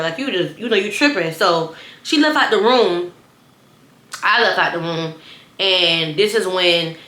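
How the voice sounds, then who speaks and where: A woman tells her viewers a storytime in a loose, rambling way, repeating words as she goes. Her voice is bright and clear, and the room around her echoes. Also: lowish voice. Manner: rambling, animated, repeats herself, addresses viewers as y'all. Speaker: storyteller vlogger. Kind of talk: casual storytime.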